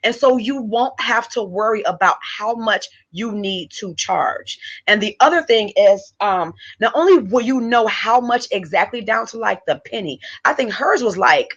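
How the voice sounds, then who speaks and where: Woman coach pitching on a live stream, eager and quick, kinda muffled lo-fi audio. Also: animated, fairly bright tone, slightly rough. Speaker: host and business coach.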